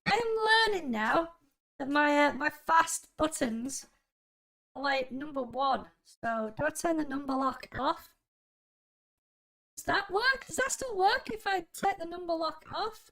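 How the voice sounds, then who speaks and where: A high, girly woman's voice with a gravelly, fry-laden edge, made by a pitch-shifting voice changer with a man speaking through it. It rambles to itself while puzzling over buttons and settings. The effect sounds audibly processed. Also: lively intonation, a little slow, bright, forceful tone, full character voice, poor audio. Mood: puzzled. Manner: fiddling with settings, thinking aloud.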